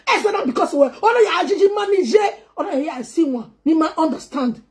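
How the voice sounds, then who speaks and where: An entertainer makes an impassioned, pleading appeal to two public figures, moving between English, Pidgin and a local language. Her very high-pitched voice is brisk with lively intonation and few pauses.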